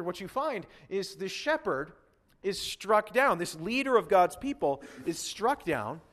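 A man preaching a sermon as a pastor, animated and acting out the voices of figures from the Bible. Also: sits high.

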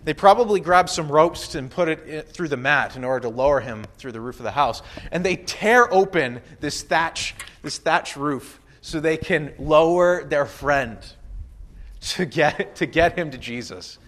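A man's voice: on the high side, lively intonation, unhurried, a bit bright. A man preaching a conversational sermon, walking through a Bible passage with casual asides and playful quoted voices. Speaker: pastor.

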